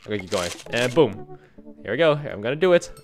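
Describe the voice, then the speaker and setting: A man hosting a let's play video, chatting excitably and stumbling over his words as he decides. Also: medium pitch, quick pace. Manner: excitable, stammers when deciding. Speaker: gaming video host.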